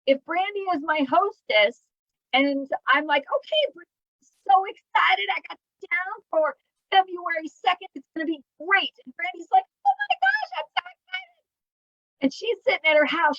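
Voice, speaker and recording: A high-voiced woman runs a live training for her jewelry sales team. She talks in an upbeat, chatty way and keeps asking rhetorical questions. The sound is dull and dry, like a close live-stream mic. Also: fairly bright tone, no echo. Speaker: jewelry business team leader.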